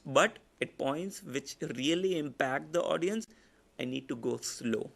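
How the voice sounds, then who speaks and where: Man, Indian English accent, speaking trainer, slightly high voice, gravelly edge, lecturing. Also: expressive. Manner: demonstrates loud, soft, fast and slow delivery. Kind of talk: online lecture.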